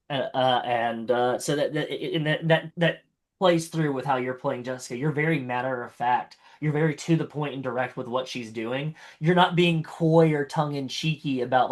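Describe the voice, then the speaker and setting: A man chatting casually as a tabletop game player, rambling through compliments with lots of fillers and restarts. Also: medium pitch. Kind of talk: casual post-game feedback chat.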